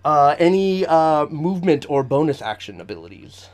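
A man runs a tabletop role-playing session as game master. His voice sits a little high for a man, and his talk is loose and chatty, full of fillers and quick laughs.

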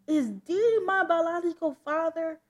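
A woman's voice: on the high side, a little slow, warm tone. A woman voicing an anxious adopted teenage girl, asking earnest questions in a comic book read-aloud. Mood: troubled.

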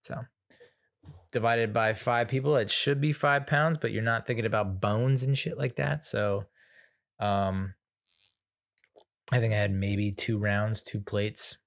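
A man's voice: on the low side, steady tone, measured pace, vocal fry, pauses often. An American man hosting a casual solo podcast, telling stories in a chatty, self-mocking way. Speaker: podcast host.

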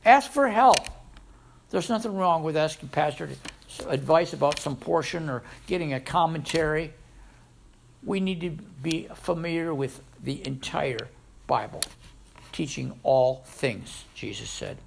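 A man preaching a sermon as a pastor, with sudden loud rises and soft drops. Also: on the high side, expressive, a little slow, vocal fry, a little hiss or hum.

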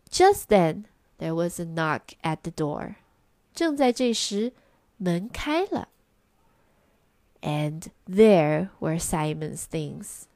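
A woman reads a children's storybook aloud in a gentle, expressive way, slow and unhurried. Her pitch rises and falls in a lively way, and the recording is dry and close. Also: dry recording. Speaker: storyteller for children's English lessons. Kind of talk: bilingual storybook reading.

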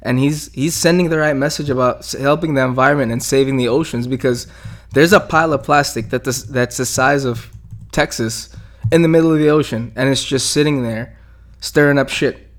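A man's voice: mid-range voice, fairly quick. Rambling, joking young man on a podcast. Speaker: podcast co-host. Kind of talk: casual profane banter.

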